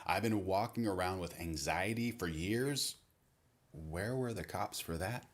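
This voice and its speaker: A man's voice: low-pitched, a little slow. A man doing a wry, self-aware honest girl.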